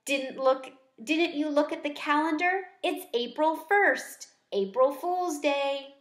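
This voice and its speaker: A woman's voice: high voice, slow, pitched above the performer's own voice. Goofy teasing dad, upbeat, lady doing the voice, echoey room. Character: playful joking dad, middle-aged man.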